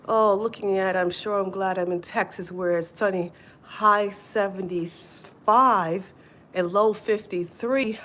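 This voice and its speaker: A middle-aged woman chatting casually on a livestream from outdoors in the snow, laughing often, with wind behind her. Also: mid-range voice. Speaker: livestream host. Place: outdoors in snowy weather. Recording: faint wind noise outdoors.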